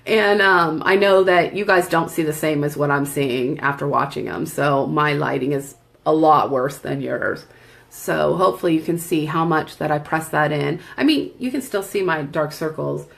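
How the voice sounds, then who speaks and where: Gravelly, chatty woman doing makeup. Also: deep voice, moderate pace. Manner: chatty, rambling, laughs often. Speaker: makeup vlogger and seller. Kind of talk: casual tutorial chat. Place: at home.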